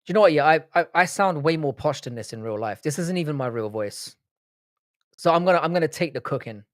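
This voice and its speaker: A man's voice: fairly high pitch, animated, quick pace, dry recording, studio quality. A young man hosting a live stream, casually bantering with chat, swearing freely and often restarting his sentences. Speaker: livestream host.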